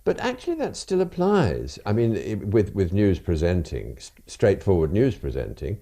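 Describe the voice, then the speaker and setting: Older Englishman with a deep, lively voice. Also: moderate pace. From England. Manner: hesitant, repeats words, chatty and self-deprecating. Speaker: guest. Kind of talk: radio interview.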